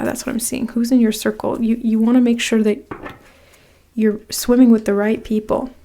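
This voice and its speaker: A woman with a fairly high, mellow, warm voice gives a casual tarot reading. She rambles with plenty of fillers and restarts. She talks straight to the viewer in an encouraging, tough-love way. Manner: direct second-person encouragement. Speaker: tarot card reader.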